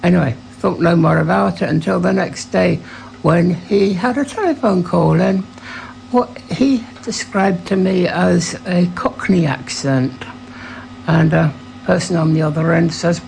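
A radio presenter telling a relaxed anecdote before playing a record, with a few hesitant fillers. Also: mid-range voice, measured pace, creaky, a little hiss or hum, rough recording. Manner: relaxed storytelling with fillers and acted quotes.

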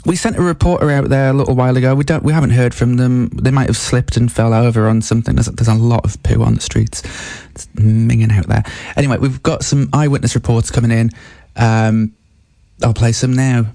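A man hosting a comic mock radio broadcast, deadpan and rambling with many fillers. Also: medium pitch, a little fast, gravelly, no echo, clean studio sound. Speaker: radio host.

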